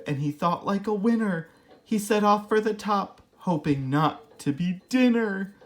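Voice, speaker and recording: A woman reading a children's picture book aloud as the regular storytime host, in a gentle, expressive way. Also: lowish voice.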